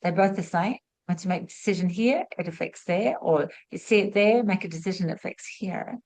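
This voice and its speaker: A middle-aged woman who hosts a spiritual masterclass, giving a chatty, expressive motivational talk to camera. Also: lowish voice, fairly quick, low-quality recording. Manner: chatty and expressive, acts out little quotes. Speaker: spiritual teacher hosting a masterclass.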